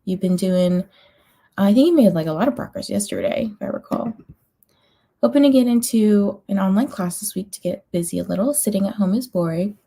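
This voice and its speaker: Sleepy, chatty woman with a mellow voice. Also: mid-range voice, lively intonation, a little fast, creaky, slightly rough. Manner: chatty, laughs often, yawning, many ums and likes. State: sleepy, yawning. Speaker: livestream host of reading sprints. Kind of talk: casual chat reading out viewer comments.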